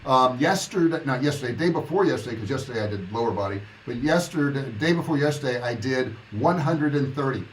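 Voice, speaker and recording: A man's voice: medium pitch, expressive, brisk, hardly any pauses, a little hiss or hum, low-quality recording. A man in his sixties, an online business coach, talking casually and bluntly on a livestream, encouraging viewers and answering their comments. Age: 60s. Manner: blunt, motivational, reads viewer comments aloud.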